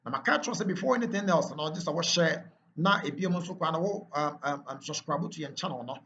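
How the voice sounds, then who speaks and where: A male channel presenter giving a promotional intro, urging viewers to subscribe and comment. His voice sits a little high, and the recording is dull and lo-fi with faint noise. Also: quick pace, pushed and bright. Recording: dull, lo-fi and slightly noisy.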